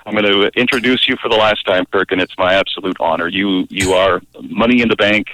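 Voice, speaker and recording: An older man phones in to a radio show and rambles through jokey, mock-nostalgic teasing. His voice is fairly low and dry, with no room echo. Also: fairly quick, bright, forceful tone. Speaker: radio host calling in. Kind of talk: joking on-air tribute.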